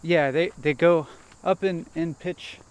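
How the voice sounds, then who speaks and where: A man vlogging as he walks a nature trail, thinking aloud in a halting, hesitant way and repeating words. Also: a little high. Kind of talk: rambling self-reflective monologue while walking. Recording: faint outdoor noise.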